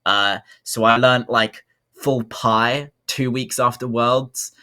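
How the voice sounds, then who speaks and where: Bright-voiced young New man. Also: mid-range voice, fairly even intonation, slow. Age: young adult. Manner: chatty, upbeat, filler-heavy. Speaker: podcast co-host. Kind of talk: casual podcast chat.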